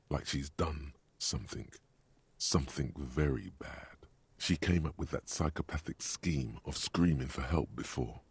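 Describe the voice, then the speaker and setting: A man voicing the grave inner narrator of a detective video game, with a deep, husky voice and a measured delivery. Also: no room sound, heavily acted.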